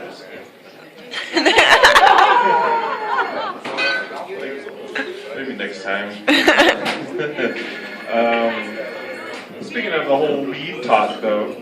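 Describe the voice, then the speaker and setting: A young man doing a stand-up comedy set, rambling and halting, full of "like" and "you know". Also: fairly high pitch, wildly swooping pitch, over a noisy crowd, heavy background noise. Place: comedy club stage. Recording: echoey room, heard from a distance. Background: audience laughter.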